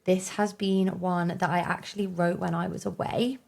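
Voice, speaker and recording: Woman in her 30s, solo podcast host, casual and upbeat, creaky texture, recorded outdoors. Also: on the low side, level tone, normal speed, a little mellow. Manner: chatty and upbeat, lots of fillers. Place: outdoors on a hot, windy day.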